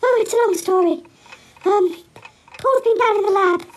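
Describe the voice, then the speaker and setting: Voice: extremely high pitch, moderate pace. A performer voicing Ig, a timid, worried helper who stammers and hesitates and is out of breath. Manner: hesitant, many ums and stammers.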